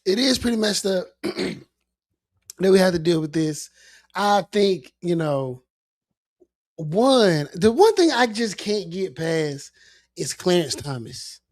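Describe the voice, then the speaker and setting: A man co-hosting a podcast, talking casually about politics in a halting, incredulous way. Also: sits high, sing-song, no room sound. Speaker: podcast co-host.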